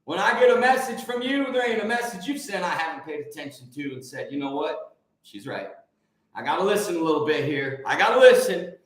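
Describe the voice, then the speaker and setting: Excitable man in a very echoey room. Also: a little high, fairly quick. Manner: excitable, energetic, repeats words. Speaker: livestream host. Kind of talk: casual livestream chat.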